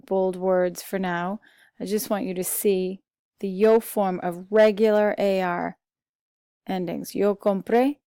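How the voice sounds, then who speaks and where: Slow, patient woman teaching Spanish. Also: mid-range voice, dark tone, no echo, studio quality. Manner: slow, patient, talks through vocabulary lists with fillers. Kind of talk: recorded classroom lesson.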